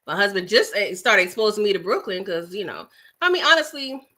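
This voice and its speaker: Bright-voiced New woman chatting live. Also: medium pitch, brisk. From New York City. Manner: chatty and animated, with frequent laughs and asides to the audience; snacking while talking. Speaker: livestream host reading viewer chat. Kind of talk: casual live-stream chat.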